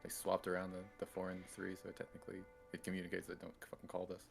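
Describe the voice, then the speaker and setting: A man's voice: low-pitched, monotone, quick pace, vocal fry, soft background music. A man casually commenting while streaming a game, offhand and swearing freely. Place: home streaming setup.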